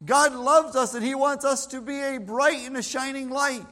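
High-voiced man preaching emphatically. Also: fairly even intonation, moderate pace, sharp tone. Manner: emphatic, repetitive, with frequent restarts. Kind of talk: sermon.

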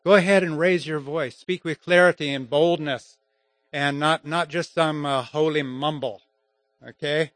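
A man teaching grammar and public speaking in an informal lesson, halting and restarting often, with chuckles between points. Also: a little high, steady tone, fairly bright tone, dry recording.

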